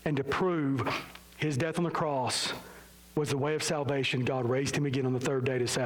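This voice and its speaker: A man preaching an evangelical sermon, impassioned, swinging from low, solemn lines to loud, high emphasis, with self-mocking asides. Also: fairly even intonation, moderate pace, poor audio.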